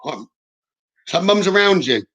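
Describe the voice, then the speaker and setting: A man's voice: high voice, very animated, measured pace, a bit bright, dull audio. A man working as a psychic medium in a live reading, relaying messages in a reassuring way and often checking in with "okay?". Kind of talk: live-streamed spirit reading.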